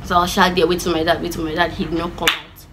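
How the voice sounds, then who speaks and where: Woman, storytime vlog, animated and chatty, bright tone. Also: lowish voice, very fast, slight background noise, poor audio. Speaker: vlogger.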